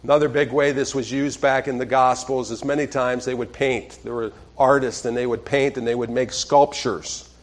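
Man, pastor voice, conversational sermon, hushes for scripture, mid-pitched. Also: fairly even intonation, normal speed, hardly any pauses. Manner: conversational preacher, drops to hushed tones on scripture, frequent "okay?".

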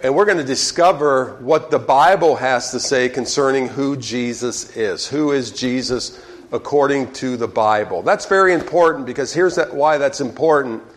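A man preaching a sermon, telling a joke with lively storytelling and asking the congregation questions, often adding "okay?". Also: mid-range voice, moderate pace. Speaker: pastor.

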